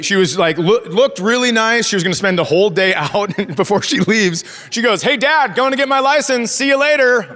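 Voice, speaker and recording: A man's voice: a little high, a bit bright. A man in his forties doing a stand-up comedy set, telling sarcastic family stories and acting out the dialogue, on a handheld stage mic. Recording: live show with crowd laughter. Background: audience laughter.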